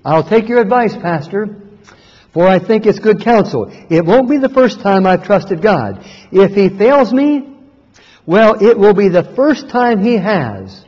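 A poor, devout old woman, plain-spoken and trusting, as a male storyteller puts her on. The voice sits high and moves lively, with a husky edge. It comes from a dull recording with a long reverb trailing each phrase. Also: unhurried, heavily acted. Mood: cheerful. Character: poor devout elderly woman, cheerful and determined.

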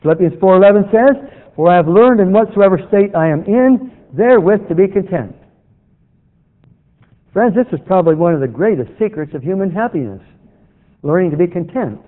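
A man preaching a sermon, quoting scripture in a slow, measured cadence. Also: high-pitched, lively intonation. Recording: tinny phone-like sound with long reverb.

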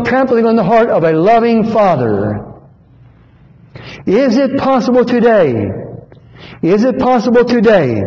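A man preaching a sermon in a church hall, earnest and pleading, repeating phrases for emphasis. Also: high-pitched. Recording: dull echoey hall recording.

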